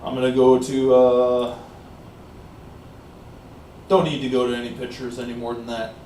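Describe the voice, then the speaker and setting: A man's voice: medium pitch, level tone, warm tone, recorded from a distance. A man from Canada talks in a loose, rambling monologue, leaning on "like I said" and "uh" as he goes. He's winded from exercise. The sound is roomy and off-mic, with a faint hiss underneath. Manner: rambling, repeats "like I said", pauses with fillers. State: out of breath from exercising. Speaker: vlogger. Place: small warm room indoors.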